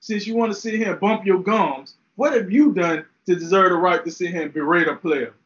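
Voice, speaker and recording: A young man co-hosting a sports talk show, animated and slangy as he argues his take. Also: high-pitched, fairly quick, highs cut off. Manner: fired-up, talks trash, slangy. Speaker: podcast co-host, former player.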